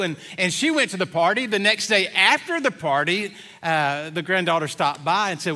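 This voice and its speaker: Bright-voiced middle-aged pastor preaching. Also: male voice, high-pitched, sing-song, normal speed, hardly any pauses. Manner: folksy storytelling with many fillers. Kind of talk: sermon. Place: church sanctuary.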